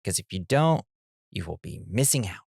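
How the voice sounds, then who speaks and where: A man's voice: sits low, very animated, moderate pace, vocal fry, darkish tone, breathy edge, no echo. Guy recapping a movie on a podcast, sarcastic, dry mic sound. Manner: sarcastic, acts out characters in goofy voices. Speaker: podcast co-host. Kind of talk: casual movie recap chat.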